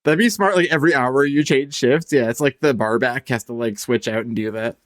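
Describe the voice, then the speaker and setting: A man's voice: medium pitch, brisk, dry recording, studio quality. A man co-hosting a podcast, joining in casual, teasing banter. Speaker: podcast co-host. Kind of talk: casual chat.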